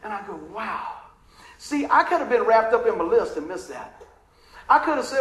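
A man's voice: sits high, big pitch swings, normal speed, a bit bright, reverberant, poor audio. A man preaching a story-filled sermon, talking conversationally and emotionally, checking in with the congregation.

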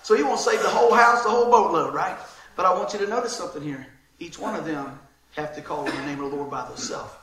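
A pastor delivers his sermon in a high, ringing male voice. He is animated and quick to laugh as he acts out short exchanges for the congregation. The sound is roomy and echoing, like a church sanctuary. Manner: lively, laughing, acts out quotes.

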